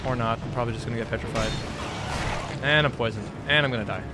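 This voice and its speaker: A young man doing let's play commentary, excitable and sarcastic, trash-talking enemies and swearing. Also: mid-range voice, fast. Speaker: gaming video host. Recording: noisy background.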